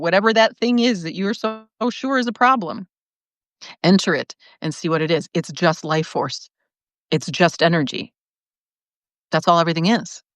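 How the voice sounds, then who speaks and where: A woman hosting a live video, reading out viewer comments and answering in an animated way, laughing often and restarting her sentences. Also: fairly low pitch, no room sound. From lived in Chicago, now in California. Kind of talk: casual live-stream talk.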